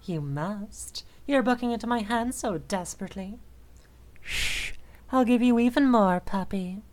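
A young woman voicing an obsessive, possessive dominant woman in an audio role-play, speaking in a soft, slow, teasing murmur. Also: mid-range voice, natural voice. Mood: possessive, crooning.

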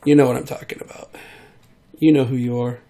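Gravelly man rambling while sick. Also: mid-range voice, little pitch movement, a little fast, warm tone. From United States. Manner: meandering, trailing off, many fillers. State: sick, voice hard to control. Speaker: vlogger. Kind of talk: rambling casual monologue.

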